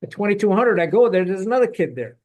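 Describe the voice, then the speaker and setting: A middle-aged man in a relaxed podcast conversation, spinning a military yarn with lots of energy. His voice sits a bit high for a man, and he slips in quick impressions of the people in his story and swears casually as he goes. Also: narrow, tinny audio. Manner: animated storyteller, acts out quotes, swears. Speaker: podcast host, former Marine officer.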